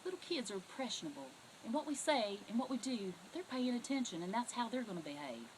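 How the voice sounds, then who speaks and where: A middle-aged Southern US woman telling stories as a comic talk show host, her voice sitting fairly high and swooping widely up and down. She speaks in a folksy, animated way, with a faint hiss of noise behind her. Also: fast talker, poor audio. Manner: folksy, animated storytelling with sudden loud outbursts. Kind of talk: comedic monologue to camera.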